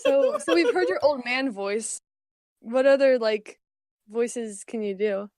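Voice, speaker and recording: A woman's voice: fairly high pitch, very animated, slow, a little mellow, no room sound, studio quality. A woman co-hosting a podcast in casual chat, chatty and playful, saying "like" often. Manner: chatty, playful, uses "like" a lot. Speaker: podcast co-host.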